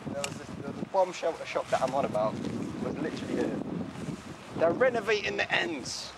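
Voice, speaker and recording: Slangy man on a noisy street. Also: mid-range voice. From Poland. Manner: animated, slangy, quick to laugh. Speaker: musician showing his childhood neighbourhood. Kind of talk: casual walking tour chat. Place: outdoors on city streets. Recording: street noise and traffic outdoors.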